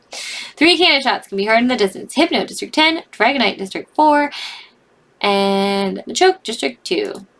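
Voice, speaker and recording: A woman's voice: mid-range voice, creaky, a bit bright, a little hiss or hum. A young woman reading out a game's results and reacting to them with cries and laughter in casual commentary. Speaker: gaming video host.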